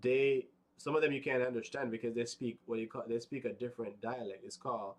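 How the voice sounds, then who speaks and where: Man, casual vlog narration, rambling, filler-heavy, outdoors on a windy mountain, average pitch. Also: steady tone, a little fast, few pauses. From United States. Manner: rambling, conversational, many fillers and tag questions. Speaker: vlogger. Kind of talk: casual walking tour narration.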